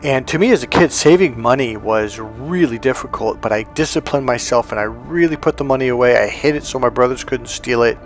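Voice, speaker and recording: A man talks as a relationship coach in a motivational monologue. His delivery is animated, and he acts out bits of dialogue as he tells stories. His voice sits in a mid range, with faint music in the background. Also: medium pitch, a little fast, few pauses. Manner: animated storytelling, acting out dialogue.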